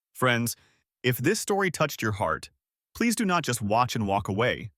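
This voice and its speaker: A man narrating a heartwarming family story in a smooth, scripted storytelling manner. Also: mid-range voice, big pitch swings, measured pace, fairly bright tone, no room sound, clean studio sound.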